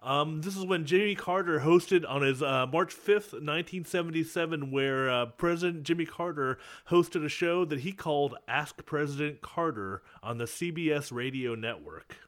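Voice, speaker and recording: A man co-hosting a casual podcast, laughing often and rambling through animated banter. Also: on the high side, moderate pace, hardly any pauses. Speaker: podcast co-host.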